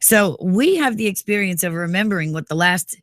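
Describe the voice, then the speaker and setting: A woman's voice: on the low side, lively intonation, a little fast, dry recording, studio quality. A woman in her forties from New York, co-hosting a radio morning show and talking emphatically, sprinkled with "you know". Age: 40s. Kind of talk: casual talk radio chat. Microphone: studio mic.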